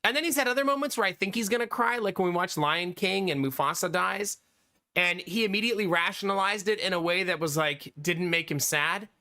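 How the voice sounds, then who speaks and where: Casting: male streamer, 30s, bright and higher-pitched, loose chatty delivery with lots of laughs. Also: fairly quick. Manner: chatty, laughs often, reads chat aloud. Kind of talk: casual live-stream chat.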